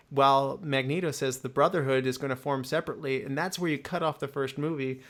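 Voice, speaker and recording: A man's voice: mid-range voice, a little fast, hardly any pauses, a bit bright. A man in his thirties hosting a casual movie podcast, teasing and laughing often. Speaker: podcast host.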